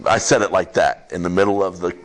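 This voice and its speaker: A man preaching a sermon as pastor to a congregation, in an animated, conversational way with quick asides. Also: deep voice. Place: church service with congregation.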